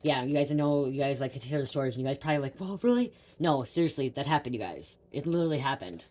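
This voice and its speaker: A woman's voice: very deep voice, rapid-fire, a little mellow, slight background noise. A woman psychic telling a personal story to her viewers in a rambling, repetitive way, swearing casually and often saying "you guys.". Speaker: psychic reader.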